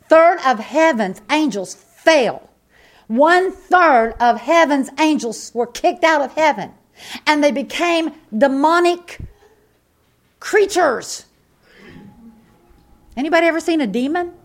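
A woman preaching a sermon in an animated, emphatic way, often repeating her phrases. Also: sits high.

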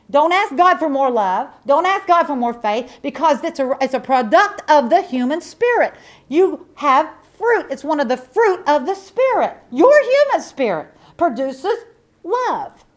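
A woman preaching a sermon, emphatic and repetitive, with folksy asides to the congregation and swings from loud to soft. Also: sits high, sing-song, measured pace.

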